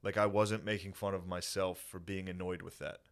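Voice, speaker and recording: A man's voice: low-pitched, little pitch movement, normal speed. A man co-hosting a comedy podcast in casual banter, joking and swearing freely. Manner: joking, slips into mock voices, swears freely. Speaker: podcast co-host.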